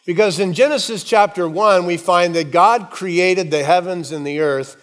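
Male pastor, high voice, sermon delivery, dramatic pauses, playful asides. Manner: preaching with dramatic slow emphasis on quoted words; jokes with the congregation in asides.

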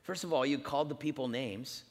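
A man preaching who voices God as a weary, stern male figure, speaking low and hushed, in a reverberant church hall. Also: a little fast, natural voice.

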